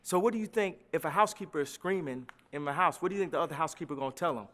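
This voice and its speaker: A man talking as a radio interview guest, impassioned, swinging between loud declarations and low murmurs. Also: very fast, big-room sound. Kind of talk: passionate radio interview talk.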